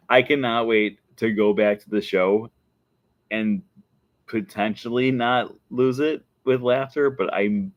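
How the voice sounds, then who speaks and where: Giggly, low-voiced man vlogging. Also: dry recording, lo-fi sound. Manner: giggly, keeps breaking into laughter; excited, animated storytelling. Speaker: show host. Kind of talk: casual vlog chat.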